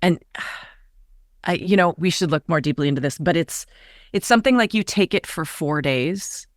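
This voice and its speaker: A woman's voice: lowish voice, normal speed, dry recording, studio quality. A woman in her forties, a podcast guest, telling a candid personal story in an earnest, confiding way. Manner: earnest, confiding, animated retelling with quoted voices.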